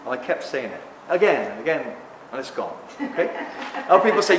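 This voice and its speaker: An excitable middle-aged man speaks to a live audience in a slightly raised voice, ranting and slipping into other people's voices. The sound rings around an echoey indoor hall. A faint ambience hums underneath. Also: high-pitched, moderate pace, few pauses, background noise. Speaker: speaker at a talk. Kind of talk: impassioned public talk to a live audience. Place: indoor talk venue.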